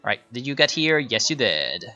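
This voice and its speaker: A man's voice: medium pitch, big pitch swings, normal speed, pushed and bright, lo-fi sound, faint music behind. A young man whose first language is Italian, chatting casually and joking while he streams a strategy game and reads out messages from his chat. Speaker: gaming streamer. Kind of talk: casual live game commentary.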